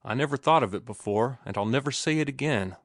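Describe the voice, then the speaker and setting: A man's voice: medium pitch, expressive, fast, no echo, clean studio sound, close to an everyday voice. A man voicing an earnest young male sailor who talks in plain, ungrammatical working-class speech. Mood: puzzled.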